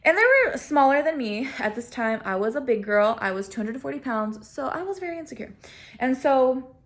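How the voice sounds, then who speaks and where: A young woman telling a personal story to camera in a casual, self-mocking way. She laughs often and acts out quoted lines with big swings in pitch. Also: very animated, normal speed, fairly bright tone. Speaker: vlogger.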